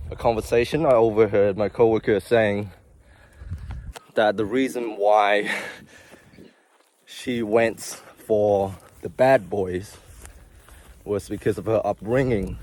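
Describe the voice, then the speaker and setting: A young man in healthcare vlogs casually to camera in a lowish, slightly mellow voice, out of breath as he confides in his viewers and rambles with frequent asides.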